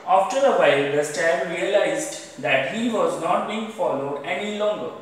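A man's voice: high voice, moderate pace, slight background noise. A man with an Indian English accent, teaching a class by reading a story aloud, stopping to tell students which words to underline and what they mean. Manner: repeats "underline the word" between sentences. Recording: echoey room, voice far from mic.

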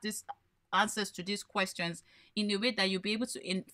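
A woman's voice: mid-range voice, fairly even intonation, a little fast, a bit bright. A woman coaching small business owners in a live workshop, explaining by posing questions and then answering them. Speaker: branding coach.

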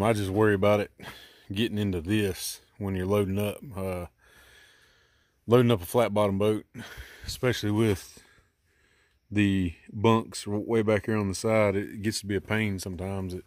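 A middle-aged man with a somewhat low voice walks through a do-it-yourself job outdoors beside his boat. He talks casually and rambles, thinking aloud with plenty of ums, uhs and restarts as he explains his plan. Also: no room sound. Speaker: DIY channel host.

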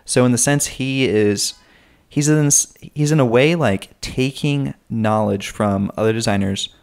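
A young man from North Carolina co-hosting a casual podcast, telling things in a relaxed, animated way with quick asides. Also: medium pitch, gravelly. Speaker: podcast co-host. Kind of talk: casual conversational podcast chat.

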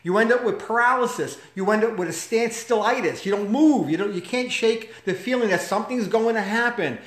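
A man's voice: sits high, brisk. A man giving a motivational talk, telling a personal story in an emphatic, conversational way with rhetorical questions. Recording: echoey room.

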